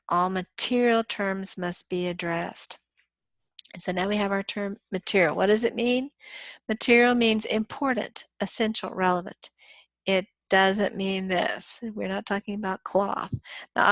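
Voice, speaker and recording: A woman's voice: mid-range voice, fairly bright tone, no room sound. A woman business law instructor giving a recorded lecture, explaining through acted-out everyday scenarios with frequent "um"s.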